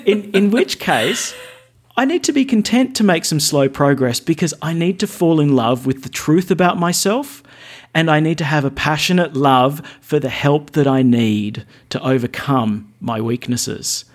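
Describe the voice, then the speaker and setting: A Catholic priest with an Australian accent appears as a guest on a podcast, chatting casually. His voice is a little high with lively intonation at a moderate pace, and he's earnest and witty, often repeating phrases for emphasis.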